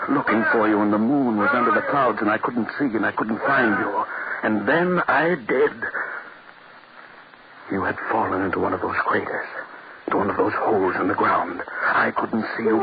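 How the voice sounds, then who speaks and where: An actor playing a frightened, grief-stricken man in a 1940s radio drama, talking in a frantic, anguished way. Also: lowish voice. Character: frightened man obsessed with his experiment, grieving. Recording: muffled old radio recording with heavy hiss.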